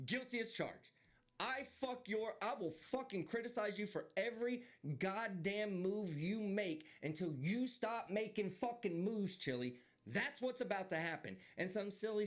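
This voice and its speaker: A man streaming live, delivering a heated, profane and mocking rant. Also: high-pitched. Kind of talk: ranting live stream commentary.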